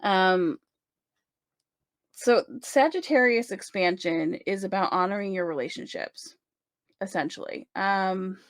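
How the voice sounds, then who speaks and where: A woman's voice: mid-range voice, measured pace, no echo, studio quality. A woman giving a casual tarot reading, chatty and reassuring, often checking in with the listener. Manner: chatty, reassuring, many "right?" check-ins. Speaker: tarot reader.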